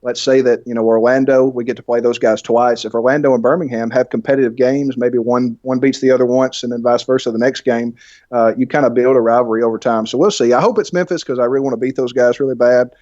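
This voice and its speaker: A man with a deep, thick Alabama accent, chatting fast and laughing often as a podcast guest. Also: fairly even intonation, darkish tone, no echo, highs cut off. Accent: Southern US, Alabama. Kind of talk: casual chat.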